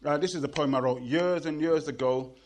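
A middle-aged British poet performs before a crowd in a fairly high voice at a fairly quick clip. He delivers the verse in a chanting rhythm and teases the audience playfully between lines.

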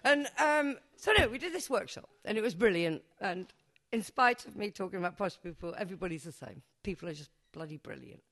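A woman's voice: lowish voice, lively intonation, fast. A woman, telling a comic true story on stage to a live audience, chatty and self-mocking, swearing freely. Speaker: performance poet.

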